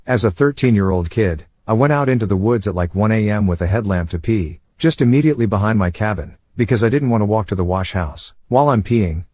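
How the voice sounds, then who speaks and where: A man narrating online stories aloud in a steady, even reading voice. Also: fairly low pitch, husky, no echo, clean studio sound.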